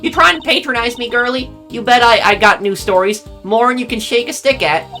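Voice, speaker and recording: A man's voice: very high voice, brisk, bright, forceful tone, soft background music, pitched above the performer's own voice, full character voice. A man voicing a brash Southern woman newspaper reporter, with a put-on American Southern accent and folksy slang. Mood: teasing.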